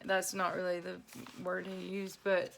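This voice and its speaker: A middle-aged woman telling a story casually while she crafts, chatty and quick to laugh, with lots of y'all. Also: on the low side, monotone, vocal fry, fairly bright tone, a little hiss or hum. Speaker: craft vlogger.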